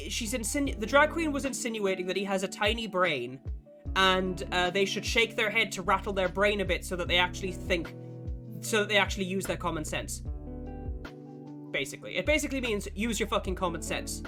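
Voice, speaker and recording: A game streamer with a lingering cough chats casually with his stream, rambling, swearing and joking while answering viewers. His voice sits high, sounds expressive and moves a little fast, with guitar music playing behind him.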